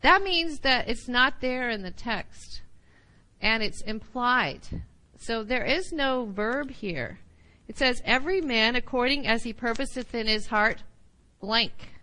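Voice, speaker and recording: A woman teaching a Bible study class, animated, often checking in with her listeners. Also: on the high side, rough recording.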